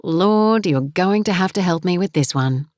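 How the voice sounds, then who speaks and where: A woman's voice: fairly low pitch, expressive, moderate pace, darkish tone, no echo, studio quality, lightly acted. Woman voicing a tense worried mother. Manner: tense, clipped. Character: worried middle-aged mother, divorced.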